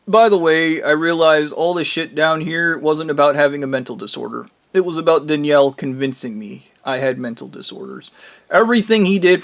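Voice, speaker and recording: A man giving an angry, profane monologue to his viewers. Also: fairly high pitch. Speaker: vlogger.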